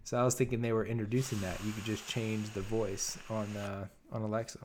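Chatty man, animated casual banter. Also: fairly low pitch, brisk, slight background noise. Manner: animated, talks over himself with restarts and mild swearing. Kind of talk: casual chat.

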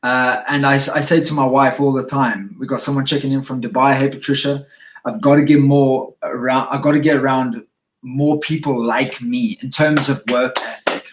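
Energetic male live-stream host who swears freely, recorded off-mic in an echoey room. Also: medium pitch, distant mic.

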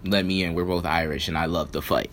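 Cocky young woman wrestler, brash and low-voiced, as a man quotes her. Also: steady tone, quick pace, fairly bright tone, a little hiss or hum.

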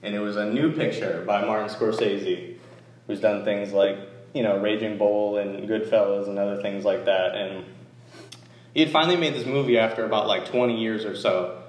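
A man's voice: fairly low pitch, normal speed. A man giving a casual, conversational sermon, telling stories with asides. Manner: conversational, animated storytelling with asides. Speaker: church lay speaker. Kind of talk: informal sermon. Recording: echoey room, distant mic, faint noise.

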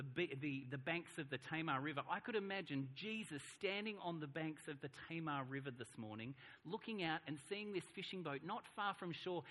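An Australian man preaches a sermon in a church hall. His voice is bright and sits a little high. He reads scripture at an unhurried pace and then builds to animated, emphatic moments, with a long reverb trailing behind each phrase. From Melbourne, Australia. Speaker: pastor.

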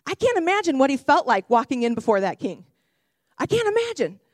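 A young woman who works with children delivers a sermon in a high voice that swoops up and down. She talks in a chatty, self-correcting way and breaks into excited shouts. The sound is close and dry. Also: fast, dry recording. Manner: animated, bursts into excited shouts. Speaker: kids ministry worker giving a sermon.

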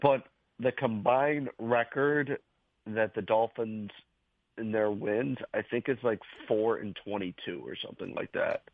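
A man's voice: lowish voice, fairly even intonation, measured pace, dry recording. A man calling in as a guest to a sports talk show, rambling through his points. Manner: rambling, loose train of thought. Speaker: phone-in guest. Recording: tinny phone line.

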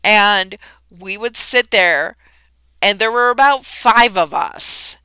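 A woman's voice: mid-range voice, slow, bright, forceful tone, clear, resonant tone, no echo. A woman co-hosting a podcast, chatting casually and telling a story with frequent laughter. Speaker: podcast co-host. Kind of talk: casual chat.

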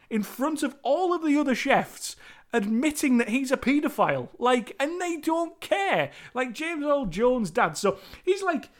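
A British man from the UK giving a loose, rambling film review, full of restarts and casual swearing. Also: sits high. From United Kingdom.

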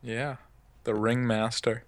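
A man co-hosting a casual podcast chat, blunt and deadpan, swearing freely. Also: medium pitch, takes it slowly. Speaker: podcast co-host.

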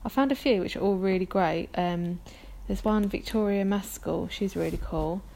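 A woman in her thirties with a London accent hosts her own podcast, chatting casually by herself in a rambling, self-deprecating way full of ums. Her mid-range voice is warm with some vocal fry, at a normal speed.

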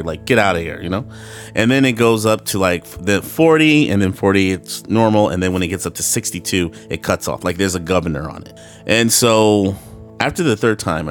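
A man with a low-pitched voice hosts a solo podcast and rambles from one tangent to the next. He swears freely, laughs often and puts on voices when he quotes people. Soft guitar music plays faintly behind him. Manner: acts out voices in quoted dialogue. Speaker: podcast host.

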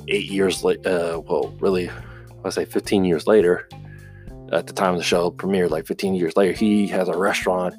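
A young adult man casually retelling the plot of a TV drama, rambling with many fillers and restarts. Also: low voice. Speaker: show recapper.

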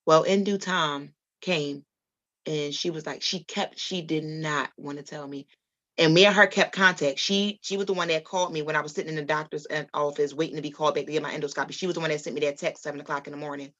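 A woman's voice: deep voice, steady tone, quick pace, fairly bright tone. A woman telling a personal faith story as a podcast guest, earnest and rambling, with many ums and restarts. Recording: dull lo-fi audio.

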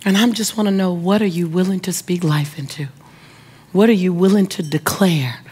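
A woman's voice: on the low side, normal speed, darkish tone, husky. A middle-aged woman telling a story during a motivational talk. She acts out the other people's voices and asks the audience question after question. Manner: audience-directed, repeated rhetorical questions. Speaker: motivational speaker. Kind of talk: inspirational speech.

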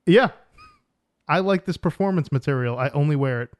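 A man's voice: a little high, fairly quick. Blunt joking man from New York. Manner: blunt, joking, deadpan storytelling. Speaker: podcast co-host. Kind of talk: casual chat.

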